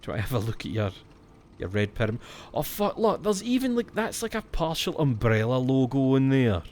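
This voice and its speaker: A man's voice: medium pitch, sing-song, fairly quick, darkish tone, a little hiss or hum. A Scottish man chatting casually as he streams a horror game, jumpy and swearing when something startles him. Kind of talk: let's-play commentary.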